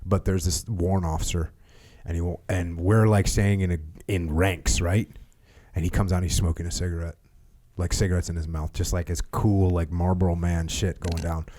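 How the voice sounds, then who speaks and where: A man hosting a podcast interview, measured, reading passages from a book and laughing along with his guest. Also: sits low, flat delivery, mellow. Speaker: podcast host.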